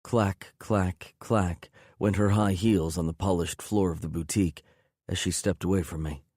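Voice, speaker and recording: A man's voice: sits low, steady tone, normal speed, a little mellow, no echo, clean studio sound. A man narrating an audiobook in first person, intense and brooding.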